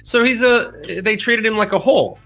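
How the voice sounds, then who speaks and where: A man's voice: high voice, fairly bright tone, soft background music. A man co-hosting a casual podcast, recapping and bantering with wry asides. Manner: wry, reacting, quick banter. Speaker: podcast co-host.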